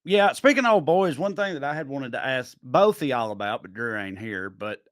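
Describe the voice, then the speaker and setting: A man, hosting a podcast and telling rambling stories full of fillers, often going quiet partway through. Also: mid-range voice, animated, normal speed, dry recording, clean studio sound. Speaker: podcast host. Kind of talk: casual chat, storytelling.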